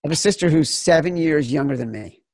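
A man's voice: on the high side, lively intonation, brisk, gravelly, no echo, clean studio sound. A man from the Chicago suburbs hosting a casual sports betting chat, fired up and profane. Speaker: podcast host.

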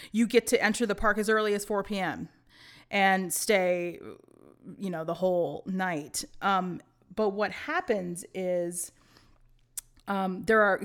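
A woman in her forties telling stories as a podcast guest, excitable and laughing often. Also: medium pitch. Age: 40s. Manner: excitable storyteller, bursts of laughter. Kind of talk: casual podcast chat.

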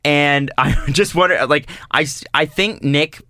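Male co-host, mid pitch, bright tone, hedging, restarts a lot, dry mic. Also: no room sound. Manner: hesitant, restarts, measured analysis. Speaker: podcast co-host. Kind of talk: casual sports chat.

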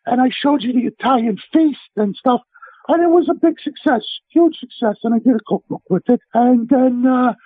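A brash, high-voiced American man, a celebrity chef appearing as an interview guest, tells blunt and animated stories over the phone in a casual chat. He talks at a moderate pace with a breathy edge, on a dry, tinny phone line.

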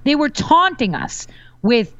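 A woman's voice: high voice, big pitch swings, takes it slowly, fairly bright tone, no echo, muffled recording. A woman guest on a casual political talk show, speaking assertively and making confident predictions. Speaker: guest commentator.

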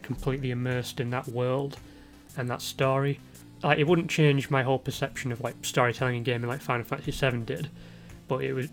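A man chatting casually as podcast host, his talk full of fillers and quick laughs. His voice sits at a middle pitch and is a little rough from a sore throat. Faint music plays behind him. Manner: laughs often, lots of fillers. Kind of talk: casual chat.

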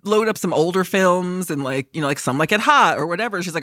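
Dry bright woman telling stories. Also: lowish voice, fast talker, few pauses, no room sound. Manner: animated storyteller, swears freely, laughs often. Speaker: podcast co-host. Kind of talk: casual chat.

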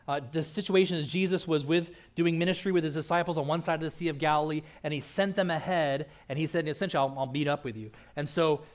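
A man's voice: on the high side, steady tone, fast, hardly any pauses. Chatty man preaching a sermon. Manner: casual, chatty asides, frequent "right?". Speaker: pastor. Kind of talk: conversational sermon.

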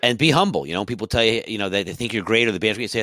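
A man's voice: lowish voice, expressive, racing, pushed and bright, no room sound. A middle-aged man co-hosting a casual podcast chat, laughing often and acting out quoted lines in playful voices. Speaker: podcast co-host.

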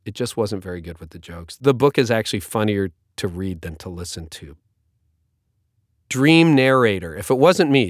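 A man's voice: on the low side, no echo. A pastor and author joking about himself while talking about recording his audiobook, conversational and close to the mic. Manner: self-deprecating, joking, conversational.

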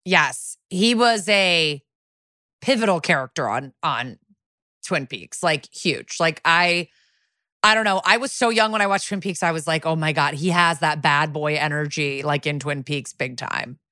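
A woman's voice: sits low, measured pace, pushed and bright, no echo, studio quality. A woman co-hosting a podcast, chiming in with enthusiastic, chatty asides. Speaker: podcast co-host. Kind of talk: casual chat.

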